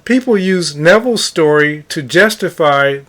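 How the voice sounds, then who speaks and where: A man's voice: fairly high pitch, animated, unhurried, a bit bright. A man who coaches on manifestation, telling a story in a casual monologue, stressing words for emphasis and addressing listeners as guys.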